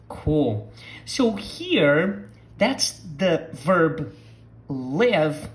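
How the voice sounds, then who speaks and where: Slow, deliberate teacher. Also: mid-range voice, sing-song. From southern Brazil. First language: Portuguese. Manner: deliberate, models words for the listener to repeat. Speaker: language teacher. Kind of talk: language lesson.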